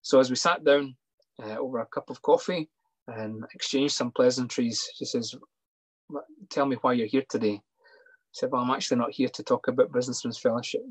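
Earnest, husky-voiced man. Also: mid-range voice, no room sound, rough recording. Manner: earnest, halting with many fillers and restarts. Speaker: sports psychologist. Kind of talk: personal testimony.

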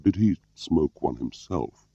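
A man with a very deep, gravelly voice playing a soft-spoken older spymaster who questions mildly, in a slightly muffled, dry recording. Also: animated, slow pace, dry recording, full character voice. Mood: quiet probing. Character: quiet, probing older male spymaster.

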